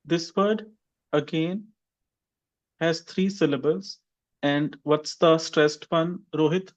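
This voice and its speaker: Brief: male English teacher on a video call, higher voice, quizzes students one by one, dull audio. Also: slow. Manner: questions students by name, drills repetition. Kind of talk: online class teaching.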